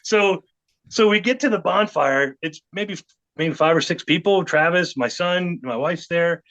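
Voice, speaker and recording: Middle-aged man, podcast guest storyteller; bright, slightly high voice, animated delivery, muffled lo-fi sound. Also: measured pace. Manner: animated, acts out quotes of others. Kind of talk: storytelling anecdote. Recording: dull lo-fi podcast audio.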